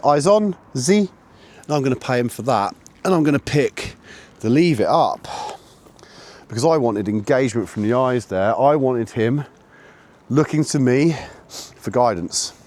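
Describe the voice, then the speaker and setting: Outdoors on a walk through woodland and along a road, a man vlogs with his puppy. Between relaxed, casual chat, he snaps out sharp, high-pitched commands to the dog.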